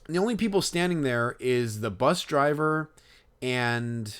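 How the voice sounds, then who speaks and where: A man's voice: medium pitch, expressive, measured pace, fairly bright tone, smooth. A man co-hosting a podcast, telling a story in casual chat, rambling and hesitant with many fillers and restarts. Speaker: podcast co-host.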